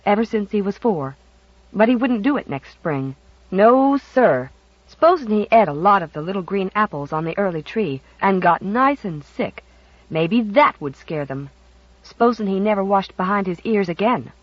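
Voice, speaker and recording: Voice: mid-range voice, dry recording. An audiobook narrator reading a children's classic expressively, recorded dry and a bit muffled. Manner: expressive storytelling. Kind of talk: scripted narration.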